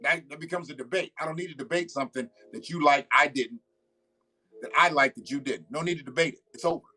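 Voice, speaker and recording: Bright, loose-talking man on a livestream. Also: on the high side, fast talker, husky. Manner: loose, profane, talks back to viewers. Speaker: livestream host. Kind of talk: casual livestream chat.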